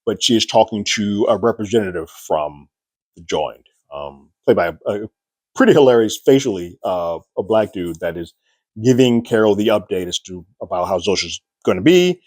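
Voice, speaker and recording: A man's voice: on the low side, lively intonation, normal speed, a little mellow, no echo. A man giving a casual spoiler review of a TV episode, retelling scenes and acting out characters' lines with raised voices.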